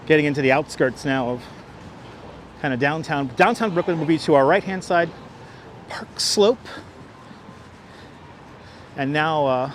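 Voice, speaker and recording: This livestream host's voice is on the high side, and he speaks unhurriedly with frequent pauses. Strolling city streets outdoors in a casual stream, he talks into a wireless clip-on mic with a faint hiss or hum, restarting phrases and thanking viewers.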